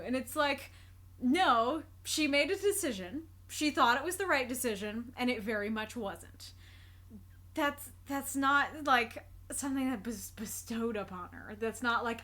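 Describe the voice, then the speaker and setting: Woman, high voice, chatty reaction-video commentary, earnest and reflective, laughs easily. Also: lively intonation, a little slow, a bit bright. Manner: thoughtful, earnest, laughs often, loops back over her thoughts. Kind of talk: casual spoken commentary.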